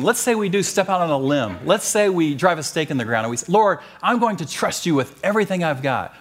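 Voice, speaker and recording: A middle-aged man preaching and teaching from the Bible, animated and joking, pushing key phrases up with emphasis. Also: high voice. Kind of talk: sermon-style Bible teaching.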